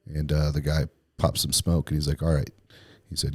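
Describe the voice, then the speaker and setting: Man, very deep voice, casual rambling storytelling, dry close sound. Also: little pitch movement, fairly quick, slightly rough, no echo. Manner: laid-back, rambling with many fillers.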